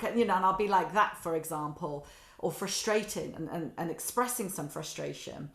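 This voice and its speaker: A middle-aged woman, a guest, speaks at a normal speed in a low voice with vocal fry. She chats reflectively and with animation, often acting out quotes and laughing at herself, in a recording with a roomy echo.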